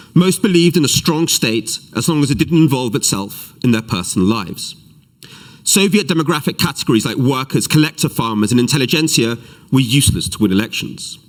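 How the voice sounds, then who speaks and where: A man giving a live-streamed lecture as an author, animated, with self-deprecating asides and readings from his book. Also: mid-range voice. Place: event hall, live streamed.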